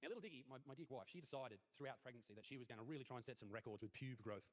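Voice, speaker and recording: A man's voice: medium pitch, racing, noisy background. A man, telling a crude, profane stand-up story and acting out the scenes. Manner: brash, profane, acts out scenes. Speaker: stand-up comedian.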